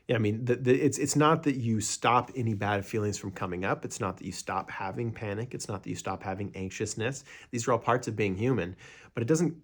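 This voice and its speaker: A young man teaching meditation in a casual, rambling way, with many fillers and restarts, sometimes acting out what a friend might say. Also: on the low side.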